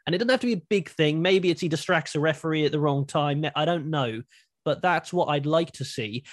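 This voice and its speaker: A man's voice: fairly high pitch, brisk, no echo, clean studio sound. A man co-hosting a podcast, chatting casually and animatedly, thinking aloud with frequent restarts. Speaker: podcast co-host. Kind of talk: casual wrestling chat.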